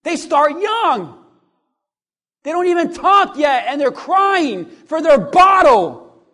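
A pastor preaching a sermon, swinging from quiet asides to loud, animated calls and acting out what people say. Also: male voice, extremely high pitch, takes it slowly.

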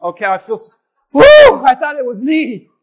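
A man preaching a sermon as pastor, telling stories animatedly and swinging between loud bursts and hushed lines. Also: extremely high pitch, animated, moderate pace.

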